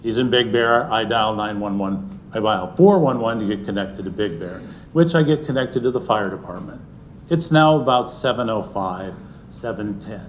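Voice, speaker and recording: A man's voice: fairly low pitch, normal speed, a little hiss or hum. Earnest man telling a personal story. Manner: earnest, often sinking to a soft, hushed delivery. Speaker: speaker sharing a personal story. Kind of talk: personal storytelling talk to an audience.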